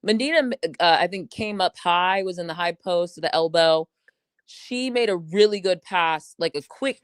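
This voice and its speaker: A woman's voice: fairly low pitch, a bit bright, smooth, dry recording. A woman co-hosting a basketball podcast, breaking down plays in loose, profane chat and acting out players' reactions. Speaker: sports podcast co-host.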